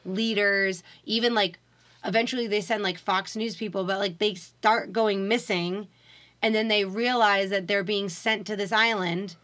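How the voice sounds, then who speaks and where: A woman co-hosts a podcast, talking casually at a normal speed in a medium-pitched voice. She rambles, leans heavily on "like," and gets animated retelling stories.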